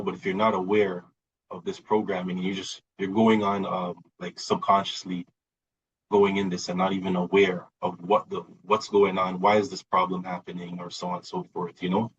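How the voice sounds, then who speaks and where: A man's voice: sits low, little pitch movement, normal speed, husky, dull audio. A man talking as a podcast guest in a reflective, conversational way, often repeating words and acting out quoted reactions. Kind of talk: casual conversational talk.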